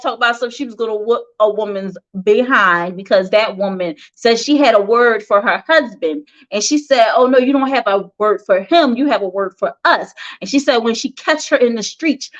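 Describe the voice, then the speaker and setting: A woman hosting a casual celebrity gossip news show, making opinionated asides between stories. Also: fairly high pitch. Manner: chatty, opinionated asides with laughs. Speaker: host reading celebrity news. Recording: dull lo-fi sound.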